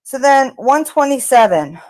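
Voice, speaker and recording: A woman's voice: sits high, sing-song, measured pace, a little mellow, dry recording. A woman narrating her analysis of crime-scene audio, speaking tentatively with fillers and speculation. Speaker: true crime commentator.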